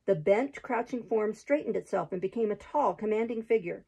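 A woman reading a chapter book aloud in a steady, expressive narrating voice. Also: medium pitch, normal speed, gravelly, slightly rough, poor audio. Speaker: storybook reader.

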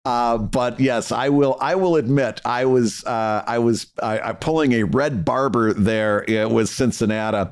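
A man's voice: medium pitch, moderate pace, hardly any pauses, smooth. A middle-aged man co-hosting a podcast in casual chat, often stumbling over repeated words and fillers. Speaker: podcast co-host.

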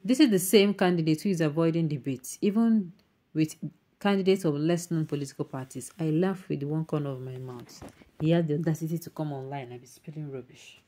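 A woman's voice: low voice, brisk, warm tone. A woman with a Nigerian accent hosting an online news show, reading viewer comments aloud and mixing in emphatic Pidgin asides.

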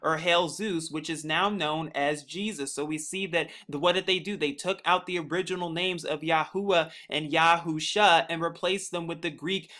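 A man's voice: a little high, sharp tone. A man giving a preachy explainer talk over his screen, insistent and repetitive, asking rhetorical questions and answering them himself. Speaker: religious commentator.

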